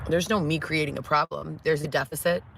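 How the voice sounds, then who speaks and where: A woman's voice: deep voice, steady tone, fairly quick, vocal fry, fairly bright tone, slight background noise. A woman ranting animatedly and profanely about her old job on a live stream, mimicking others in a raised voice.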